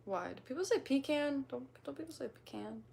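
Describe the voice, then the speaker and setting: A woman's voice: on the high side, animated, quick pace, vocal fry, darkish tone, slightly rough. A young woman from the Midwest with a slight twang, chatting casually and reading viewer comments on a livestream, rambling and giggly with casual swearing.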